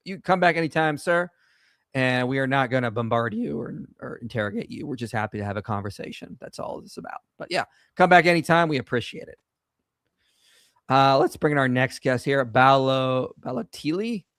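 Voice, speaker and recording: Male live-show host, mid pitch, dry close sound, chatty and offhand. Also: a little fast, a bit bright, clean tone, no echo. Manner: chatty, reads donations aloud, grumbles about tech. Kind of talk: casual live-stream chat.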